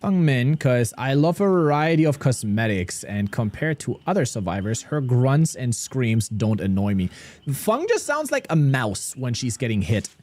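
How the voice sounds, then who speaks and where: A man's voice: medium pitch, very animated, moderate pace, darkish tone. A young man from Germany, casually chatting with viewers and cracking jokes while streaming a game. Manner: joking, cursing, chatting with viewers. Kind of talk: casual livestream commentary.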